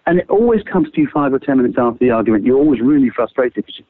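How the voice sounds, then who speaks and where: A man who trains people in creativity leads a quick exercise with lively swings in pitch and the odd casual curse. His voice comes through a narrow, phone-like channel. The sound is very dry, with no room around it. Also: no echo. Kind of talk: animated explaining with quick exercises.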